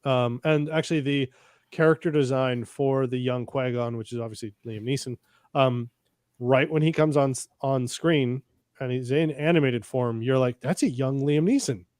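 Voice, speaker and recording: A man's voice: medium pitch, steady tone, normal speed, a little mellow, clean tone, no room sound, studio quality. Laid-back rambling podcast guy. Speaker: podcast co-host. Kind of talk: casual chat.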